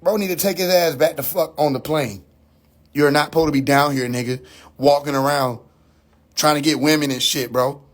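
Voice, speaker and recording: A man's voice: fairly high pitch, steady tone, moderate pace. A man hosting a livestream, ranting in a mocking, incredulous way and swearing constantly. He keeps repeating his own questions for effect. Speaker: livestream host. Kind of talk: profane comedic rant on a livestream.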